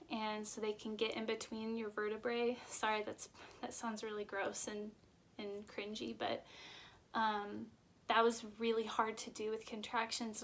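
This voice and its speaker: A young woman vlogger tells her personal birth story haltingly and emotionally, coming close to tears at times. Her voice sits a little high.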